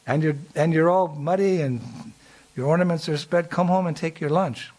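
A man voicing a fussing mother who cries out in pretend terror, in a high shrill voice while telling a devotional story. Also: moderate pace, darkish tone, close to an everyday voice. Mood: scolding fondly. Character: fussing mother, mock-terrified, shrieking in alarm.

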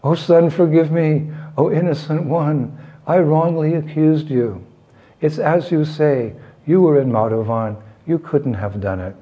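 A man voicing a loving, crafty mother who is faking tears, speaking slowly in a pleading, weepy way. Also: medium pitch, fairly even intonation, gravelly, dark tone. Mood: tearful. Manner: tearful, pleading, slowed.

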